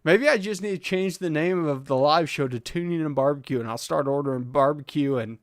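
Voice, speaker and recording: Easygoing guy on a live stream, kinda high voice, laughs a lot, dry close mic. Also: a little fast, dry recording. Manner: laid-back, chuckling often, reads chat aloud. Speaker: host of a live car tuning stream. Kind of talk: casual live stream chat.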